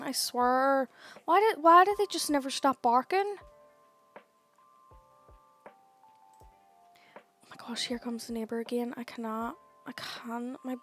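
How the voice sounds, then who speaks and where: A young woman sits at home in a headset, streaming and chatting easily with her viewers. Her voice is high and she sounds a bit tired and yawny. Soft game music plays faintly behind her. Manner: chatty, reads and answers viewer chat, sighs and laughs at herself. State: tired, yawning. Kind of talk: casual live-stream chat.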